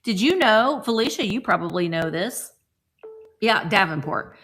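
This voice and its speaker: Bright, lively woman hosting a sale. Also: medium pitch, unhurried, husky. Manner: chatty, rambling, playful asides. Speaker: host of a live vintage sale. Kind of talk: casual live-stream selling chat.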